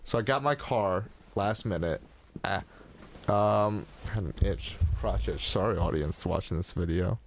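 A man's voice: sits low, measured pace, vocal fry, slight background noise. A young man co-hosting a podcast, chatting casually and rambling with restarts and swearing. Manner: rambling, swears freely, many restarts and fillers. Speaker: podcast co-host.

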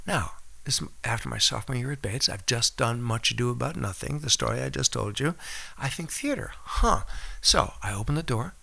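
A man's voice: medium pitch, fairly quick, creaky, pushed and bright. An older actor telling stories from his career as a guest on a casual chat show, acting out the voices of people he quotes. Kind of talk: casual storytelling interview.

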